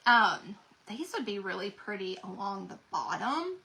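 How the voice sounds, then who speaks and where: A woman hosting a craft livestream, gushing excitedly to her viewers as she shows off new transfers. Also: medium pitch, unhurried. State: recovering from being sick. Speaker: craft channel host.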